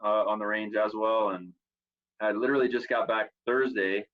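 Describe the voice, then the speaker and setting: A man answering interview questions over a video call, relaxed and rambling with plenty of fillers. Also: lowish voice, normal speed, narrow, tinny audio. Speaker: guest athlete. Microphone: computer on a video call.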